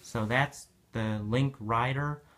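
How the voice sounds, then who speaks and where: A man's voice: medium pitch, steady tone, takes it slowly, fairly bright tone. A man casually narrating a toy unboxing, rambling and repeating himself as he goes.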